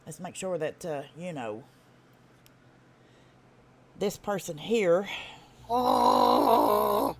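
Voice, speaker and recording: Southern woman host with a Tennessee accent; blunt and profane, quick, animated delivery. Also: on the low side. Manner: blunt, profane, folksy drawl; fast talker. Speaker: livestream host. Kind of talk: casual live-stream commentary.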